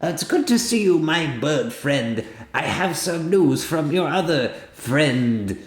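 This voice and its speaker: A man voicing a small, timid, friendly male goblin in a high, squeaky put-on voice. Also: animated, unhurried, roomy sound.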